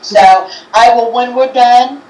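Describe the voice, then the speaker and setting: A woman with a somewhat high voice talks in a halting, hesitant way, often restarting her sentences. She sounds set back from the mic, and the room around her rings with echo. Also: steady tone, darkish tone, distant mic. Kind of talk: casual chat on a livestream. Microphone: video call.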